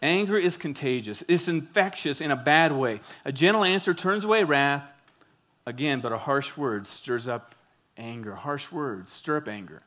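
Bright-voiced man preaching a sermon. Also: medium pitch, moderate pace. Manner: animated storytelling, acts out quotes. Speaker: pastor.

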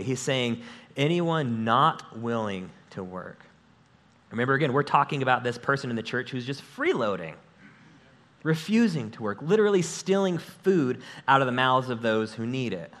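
A man preaching a sermon as pastor of his church, talking in an energetic, conversational way and joking with the congregation, speaking into a stage microphone. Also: medium pitch.

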